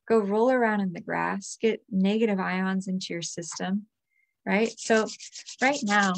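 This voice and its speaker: A woman energy healer leading a guided release meditation, talking in a soft, invoking, repetitive way. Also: mid-range voice, gravelly, no echo.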